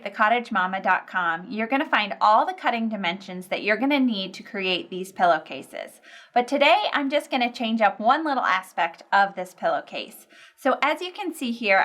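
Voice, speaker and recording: A woman's voice: mid-range voice, a bit bright. Upbeat woman hosting a sewing lesson. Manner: upbeat, chatty, encouraging. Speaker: sewing instructor and show host. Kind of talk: friendly sewing tutorial.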